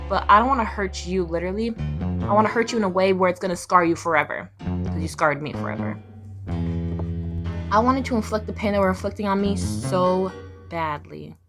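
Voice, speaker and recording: A young woman telling her life story to the camera in a blunt, profane way, now and then squealing her inner voice. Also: mid-range voice. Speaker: vlogger.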